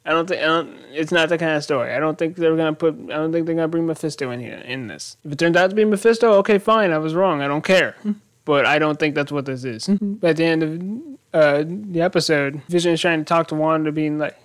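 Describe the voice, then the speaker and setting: A man's voice: a little high, fairly quick, no echo, clean studio sound. Rambling man recapping a TV episode. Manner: rambling, animated, thinks aloud. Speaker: YouTube show host.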